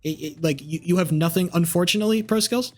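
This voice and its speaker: A man's voice: sits high, quick pace, faint music behind. A man streaming live, ranting combatively and profanely as he argues with chat. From United States. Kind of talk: live-stream political rant.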